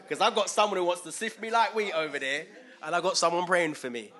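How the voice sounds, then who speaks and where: A man's voice: high-pitched, animated, a little fast, hardly any pauses, bright, forceful tone. A man giving an informal, conversational sermon, often asking his listeners questions. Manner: conversational, asks listeners questions, acts out quoted voices. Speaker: preacher.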